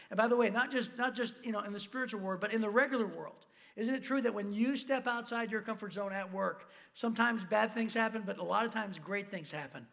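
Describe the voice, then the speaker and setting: High-voiced storytelling pastor from Michigan. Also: male voice, creaky. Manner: energetic storytelling with asides and quoted voices. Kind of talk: sermon.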